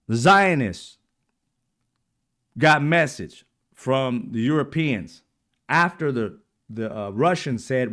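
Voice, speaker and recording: A man hosting his own channel, talking in a casual, blunt monologue with frequent swearing and repeated throat clearing. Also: mid-range voice, expressive, takes it slowly, long pauses, fairly bright tone. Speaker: channel host.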